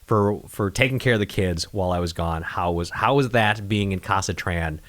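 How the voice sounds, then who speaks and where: A man hosting a podcast, chatting casually and telling lively stories with casual swearing. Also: low-pitched, fairly quick. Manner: animated storyteller, swears casually. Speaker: podcast host. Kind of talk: casual chat.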